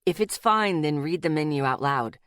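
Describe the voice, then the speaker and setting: A woman's voice: low-pitched, lively intonation, moderate pace, fairly bright tone, no room sound, studio quality, voice pushed down. Woman doing a polite, level young man. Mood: pushy.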